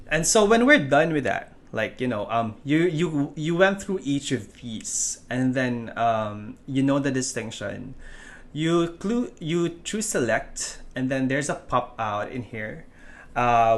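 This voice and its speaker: A man with a Filipino English accent, teaching an online course in a chatty, loose way with many fillers and restarts. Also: mid-range voice. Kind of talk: casual tutorial explanation.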